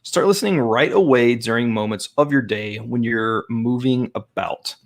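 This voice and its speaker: A language-learning channel host chats on a casual live stream, thinking aloud as he tries an app and repeats practice phrases. His gravelly voice is medium-pitched and moderately paced.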